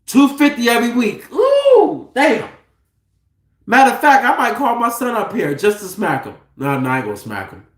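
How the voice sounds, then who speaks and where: A man in his thirties hosting a casual livestream, animated, joking and profane. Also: very high voice, moderate pace, reverberant. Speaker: livestream host.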